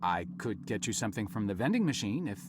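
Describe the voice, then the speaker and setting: A man's voice: on the low side, very animated, fast, background noise. An actor playing a mild, apologetic male janitor in a video game, speaking hesitantly. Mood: meek.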